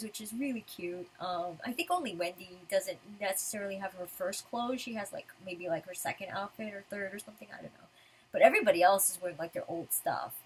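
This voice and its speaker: A woman's voice: medium pitch, husky, poor audio. A woman talking casually while reading through a manga chapter, chatty and full of fillers. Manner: chatty, filler-heavy fan talk. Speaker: manga reviewer.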